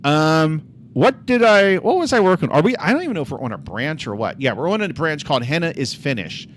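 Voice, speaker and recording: Animated, swearing man telling stories. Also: fairly high pitch, fairly quick, a little hiss or hum. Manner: rambling storytelling with lots of fillers and swearing. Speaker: streamer. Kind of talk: casual live-stream chat.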